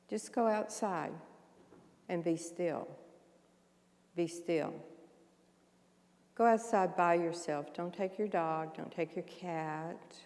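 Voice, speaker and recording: An older woman minister delivering a folksy, conversational sermon, often clearing her throat. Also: fairly low pitch, darkish tone, in a large hall. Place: church sanctuary.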